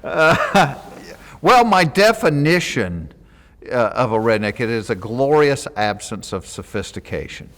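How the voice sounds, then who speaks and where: Animated Southern US man telling stories. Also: mid-range voice, measured pace, long reverb tail. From Georgia, US. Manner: animated, jokey, acts out quotes. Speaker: comedian. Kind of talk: interview storytelling.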